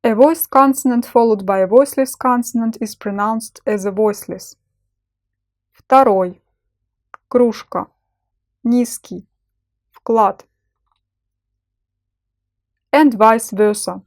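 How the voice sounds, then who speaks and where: A woman teaching a language lesson, pronouncing each example slowly and distinctly as a model for learners. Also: a little high, steady tone, darkish tone. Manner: slow, clearly enunciated model pronunciation.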